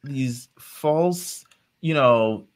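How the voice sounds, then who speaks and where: This co-host rambles through a casual podcast chat, often laughing and cursing. His voice is mid-range and he draws out his words.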